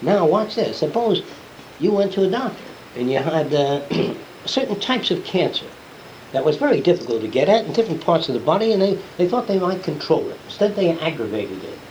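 Blunt, animated male lecturer. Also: a little high, a little fast, dull audio. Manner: blunt, rambling, swears, voices quoted people. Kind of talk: unscripted classroom lecture. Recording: old lecture tape with hiss.

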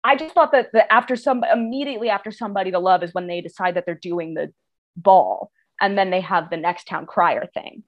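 Podcast co-host, woman, middle-pitched voice, chatty and sarcastic as she recaps. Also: fairly quick, lo-fi sound. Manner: chatty, sarcastic plot summary. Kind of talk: casual chat recapping a movie.

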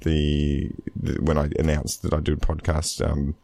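A man's voice: monotone, moderate pace, dark tone, no room sound. A man co-hosting a casual gaming podcast, telling stories with frequent laughter and restarts. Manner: laughing storyteller, lots of restarts, giggly high bursts. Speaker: podcast co-host.

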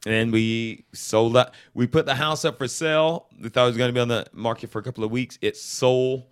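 A man's voice: medium pitch, fairly even intonation, a little fast, clean tone, no echo, clean studio sound. Joking man telling stories as a guest. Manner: joking, playful storyteller. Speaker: actor guest on a podcast. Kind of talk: casual interview chat.

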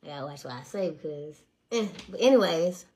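A woman in her twenties telling stories on a casual livestream, blunt and profane. She swings between hushed asides and loud, animated outbursts. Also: sits low, a little fast. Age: 20s. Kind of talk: casual storytelling to a live audience.

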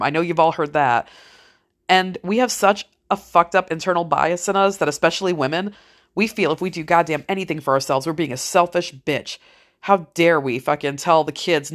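A woman's voice: low-pitched, a bit bright. A middle-aged woman talking in a frank, rambling, motivational monologue, swearing freely as she speaks to her listeners. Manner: blunt, heavy swearing, frank. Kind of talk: casual monologue.

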